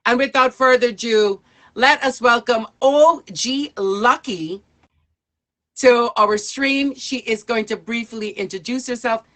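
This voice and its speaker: A woman's voice: fairly high pitch, unhurried, bright, forceful tone. A woman hosting a live storytelling stream, upbeat and encouraging toward her guests.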